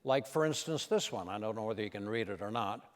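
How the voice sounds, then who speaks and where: An older man, a comedian and impressionist, telling anecdotes on stage with an animated, punchline-driven delivery. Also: fairly low pitch, quick pace, big-room sound. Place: event stage in a large hall.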